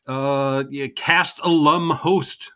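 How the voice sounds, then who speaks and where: A man from New Jersey co-hosting a casual comedy podcast, joking with playful deadpan asides. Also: fairly high pitch, slow, clean tone. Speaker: podcast co-host.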